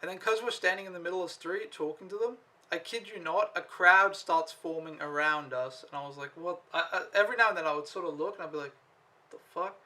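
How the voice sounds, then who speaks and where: A young man vlogging, telling a story in a casual, animated way and swearing freely as he acts out his own reactions. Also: sits high, fast talker.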